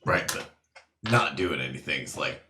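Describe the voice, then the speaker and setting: Male player, very low voice, dry wit, echoey room, clear background hiss. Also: expressive, measured pace, sharp tone. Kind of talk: casual tabletop chat. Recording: roomy, distant, noisy.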